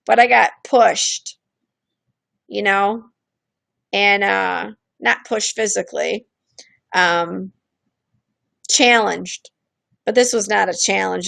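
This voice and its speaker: Gravelly-voiced woman hosting a casual stream. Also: medium pitch, fairly bright tone, no room sound. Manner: candid, acts out quoted voices, frequent restarts. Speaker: host of a streamed show. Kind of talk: casual explanatory talk.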